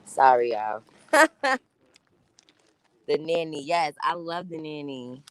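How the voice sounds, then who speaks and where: A woman's voice: low voice, very animated, slow, a bit bright, smooth, rough recording. Profane chatty New woman streamer. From New York. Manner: blunt and profane, chatty, laughs often. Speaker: live-stream host. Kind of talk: casual live-stream chat reading viewer comments.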